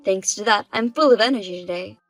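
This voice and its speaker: A woman's voice: medium pitch, fairly quick, close to an everyday voice. A woman voicing a meddling mother-in-law who lectures condescendingly and bosses people around. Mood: scolding.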